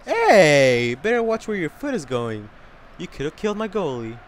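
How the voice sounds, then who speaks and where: Excitable young man yelling over a soccer game. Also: sits high, a little fast. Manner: excitable, swearing, yelling and whooping at big plays. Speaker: gamer. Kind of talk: live gameplay commentary.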